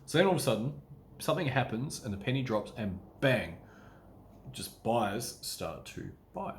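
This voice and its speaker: A man talking on his own as a business coach, rambling and acting out his own inner thoughts in quick asides, with casual swearing. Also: medium pitch, expressive, a little hiss or hum. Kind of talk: casual solo talk to camera.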